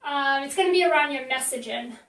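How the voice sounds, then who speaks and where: High-voiced woman, echoey and off-mic. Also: fairly quick, a bit bright, recorded from a distance. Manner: chatty and blunt, with many fillers and restarts. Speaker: marketing coach. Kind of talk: casual live-stream teaching.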